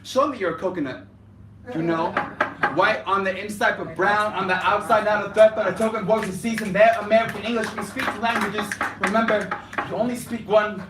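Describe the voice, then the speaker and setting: Young slam poet in an echoey cafe. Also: male voice, high-pitched, steady tone, a little fast, noisy background. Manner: rhythmic spoken word, switching between Spanish and English. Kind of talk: live slam poetry performance. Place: cafe performance space, indoors. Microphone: room mic from a distance. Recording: echoey cafe room, distant mic.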